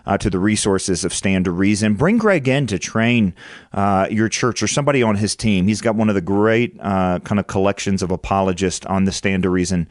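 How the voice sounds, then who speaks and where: Earnest low-voiced male podcast host. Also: a little fast, dry recording, clean studio sound. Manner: earnest, with frequent restarts and repeated words. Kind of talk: conversational interview.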